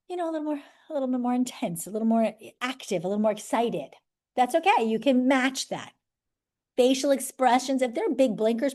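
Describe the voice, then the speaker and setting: A woman with a dark-toned voice on the high side teaches sales skills at a live workshop to a room of people. She's chatty, makes joking asides, and often tags "right?" onto her sentences.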